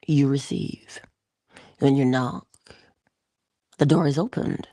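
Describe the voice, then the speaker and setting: Middle-aged lady, low voice, whispers her key words, laughs a lot, dry close sound. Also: slow, dark tone, dry recording. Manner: drops into whispers for emphasis, laughs often. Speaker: host of a morning inspiration show. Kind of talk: casual inspirational talk with a story.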